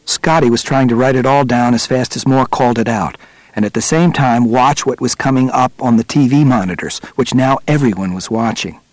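A male narrator reads a nonfiction audiobook steadily and with measure, his pitch in the middle range for a man. The recording is close and dry, without room sound or echo.

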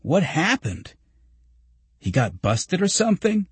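An excitable, boyish male patient, pitched well above the reader's own voice and bursting with eager shouts, as a man voices him. He cheers with childlike wonder. The tone stays husky and close, with a dry sound. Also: takes it slowly, no room sound, exaggerated voice. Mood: excited.

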